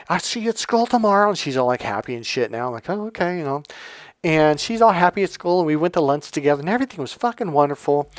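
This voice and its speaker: A middle-aged man who works as a dating coach, telling a personal story in a loose, profane, animated way and laughing along as he goes. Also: a little high, no echo. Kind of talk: casual storytelling monologue.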